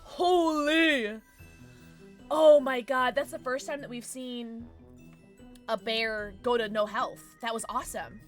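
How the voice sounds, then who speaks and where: A young woman streaming a video game, excitable, swearing and joking about her own play. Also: a little high, a little slow, music in the background. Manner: excitable, swears a lot, self-deprecating. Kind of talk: live gameplay commentary.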